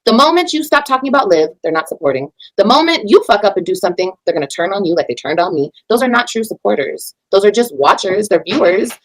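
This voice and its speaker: With fast delivery, few pauses, and lively intonation, a mother lets loose on her livestream, swearing heatedly about her critics and sermonizing to viewers in a casual rant. Her volume shifts between loud and low, and the audio quality is low.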